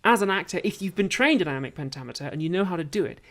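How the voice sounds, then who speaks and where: Low voiced woman guest, chatty and animated, gets really into it. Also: very fast. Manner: animated, enthusiastic about theatre. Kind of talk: casual chat.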